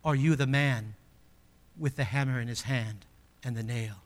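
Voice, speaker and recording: A male pastor preaching a sermon, emphatic, swinging between loud exclamations and hushed, slowed asides. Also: medium pitch, long reverb tail.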